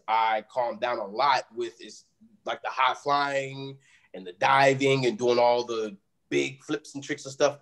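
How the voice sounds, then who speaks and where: A man's voice: mid-range voice, a bit bright. Chatty man, wrestler on a podcast. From Illinois. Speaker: pro wrestler guest. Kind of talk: casual podcast chat.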